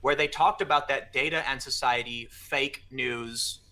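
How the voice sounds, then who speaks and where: A man telling an animated anecdote in casual conversation, acting out the exchanges he describes. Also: mid-range voice, measured pace. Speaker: podcast guest. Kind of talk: casual storytelling chat.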